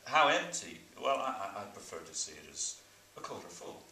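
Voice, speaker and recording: A man's voice: on the low side, very animated, fairly quick, bright, forceful tone, far from the mic, slight background noise, full character voice. A man playing a mild, hesitant male therapy patient in an improv scene, with dry replies. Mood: sheepish. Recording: roomy live room.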